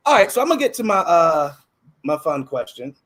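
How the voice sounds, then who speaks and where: A man hosting a casual podcast interview. He tells lively stories, laughs often and swears freely. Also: on the high side, brisk. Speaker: podcast host.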